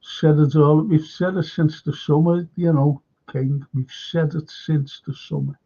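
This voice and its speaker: A man's voice: fairly high pitch, steady tone, measured pace, dark tone, breathy edge. A man hosting a live fan show, talking emphatically to viewers by name, repeating points and swearing. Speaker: fan channel host. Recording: dull lo-fi sound.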